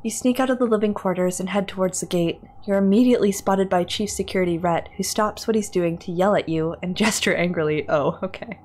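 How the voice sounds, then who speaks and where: Woman streamer reading a story game out loud; nervous, giggly, breaks into whispers. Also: medium pitch, moderate pace. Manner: excitable and nervous, laughing often, dips into whispers. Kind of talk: reading a text game aloud on a livestream.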